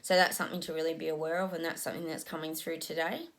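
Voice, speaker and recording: A woman talks through a psychic reading in a loose, unscripted way. Her voice sits fairly low, and she muses aloud with many ums as she describes images she says she is receiving. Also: level tone, rapid-fire. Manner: musing, frequent ums, describes visions as they come. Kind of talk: casual spoken psychic reading.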